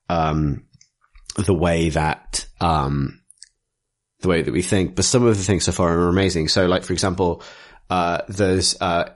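A man with a very low voice talks through tabletop game rules at length in a casual chat. He rambles, restarts sentences and fills pauses while piling up detail. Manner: rambling, detailed explainer with frequent fillers and restarts.

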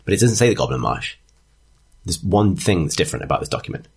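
A man's voice: low-pitched, big pitch swings, fast talker, husky. A man narrating a tabletop game as game master, chatty and correcting his own wording as he goes.

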